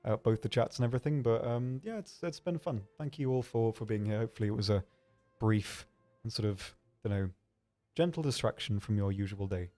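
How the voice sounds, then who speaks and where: A man with a lowish, mellow voice chats casually through a desk microphone as he answers viewer questions on a stream. He meanders through each answer with plenty of ums and restarts, and keeps a dry, deadpan humor. Soft music plays faintly in the background. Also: a little fast. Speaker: livestream host.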